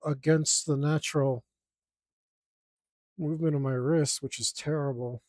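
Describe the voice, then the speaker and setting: A man's voice: a little high, fairly even intonation, a little slow, darkish tone, dry recording. A young man inking a drawing, casually muttering and criticizing his own lines as he works. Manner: self-critical, mutters to himself while drawing. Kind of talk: casual work-along commentary.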